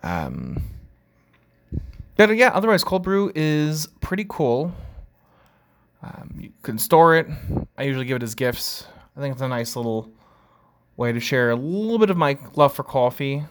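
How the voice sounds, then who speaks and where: A man's voice: mid-range voice, very animated, moderate pace. A man hosting his own podcast, rambling casually with many fillers and making jokes at his own expense. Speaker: podcast host. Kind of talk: casual solo podcast chat.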